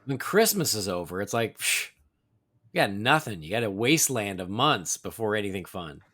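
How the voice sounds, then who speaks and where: A man's voice: fairly low pitch, fairly quick. A man hosting a podcast, reading the show's plugs and chatting casually with his co-host. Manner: chatty, animated, reads plugs then banters.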